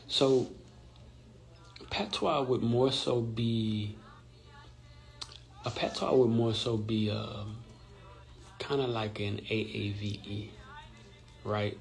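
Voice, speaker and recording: Guy on a live stream, low gravelly voice, explains things and keeps asking right?. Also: takes it slowly, long pauses, soft background music, rough recording. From Louisiana. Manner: explanatory, often checks in with "right?". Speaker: host. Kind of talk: informal live-stream talk. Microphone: phone or computer mic on a social-media live stream.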